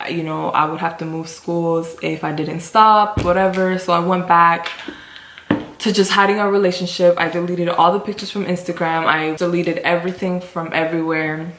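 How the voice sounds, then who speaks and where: Young woman, low voice, confiding storytime chat, emotional, roomy echo. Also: gravelly, a bit bright, slight background noise. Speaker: vlogger.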